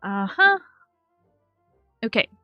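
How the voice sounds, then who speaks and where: Young woman streamer thinking out loud, rambly and self-correcting, slightly high voice, dry close mic. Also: big pitch swings, slow pace, smooth, no echo, muffled recording, soft background music. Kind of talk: casual gameplay commentary.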